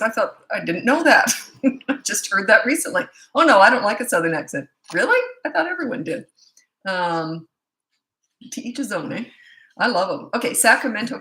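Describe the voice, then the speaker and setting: A woman's voice: lowish voice, fairly bright tone, rough recording. A middle-aged woman who works as a parenting coach chats casually on a livestream, greeting viewers by name and place with jokey asides.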